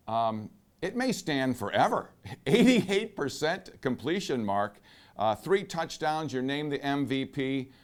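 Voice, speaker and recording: A man interviewing a guest, asking long measured questions with statistics. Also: medium pitch, smooth.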